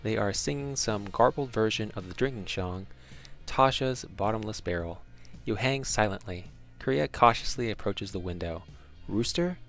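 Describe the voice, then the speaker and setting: A man with a lowish voice reads a second-person fantasy adventure in a measured storytelling way. Quiet music runs underneath, and his delivery stays even and unhurried. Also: vocal fry. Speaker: narrator.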